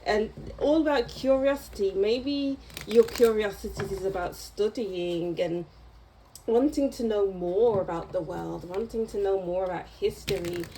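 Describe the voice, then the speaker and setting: Woman, tarot reader, casual reading to camera, unhurried, warm mellow tone, chatty, meandering. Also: mid-range voice, slight background noise, rough recording. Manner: chatty and meandering, breaks into small laughs.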